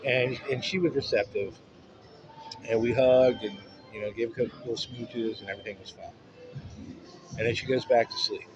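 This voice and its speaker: Male vlogger, mid pitch, rambling and profane storyteller, muffled recording over music. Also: fairly even intonation, normal speed. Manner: rambling and profane, with frequent restarts. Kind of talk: casual personal storytelling. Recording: dull audio with music underneath.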